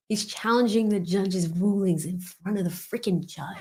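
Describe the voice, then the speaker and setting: A woman hosts casual live commentary on a trial. She talks in a chatty, animated way at a middle pitch. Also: moderate pace, hardly any pauses, breathy edge. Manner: chatty, animated, laughing asides. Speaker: legal commentary host.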